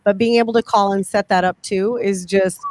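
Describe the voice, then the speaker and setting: Chatty woman host, mid-pitch, dry close sound. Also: steady tone, brisk, a little mellow, no echo. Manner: upbeat, chatty, joking. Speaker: radio show host. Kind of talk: casual chat.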